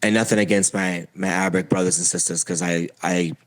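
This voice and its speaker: Young adult man from Puerto Rico, low dry voice, halting testimony full of fillers, podcast guest. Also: steady tone, no room sound. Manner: halting, many fillers and restarts. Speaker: interview guest. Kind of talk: personal testimony.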